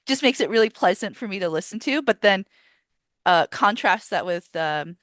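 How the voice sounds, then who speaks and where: A woman's voice: mid-range voice, lively intonation, moderate pace, fairly bright tone, no echo. A woman who is a guest on a podcast, chatting casually in an earnest, enthusiastic way and often repeating words. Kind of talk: casual chat.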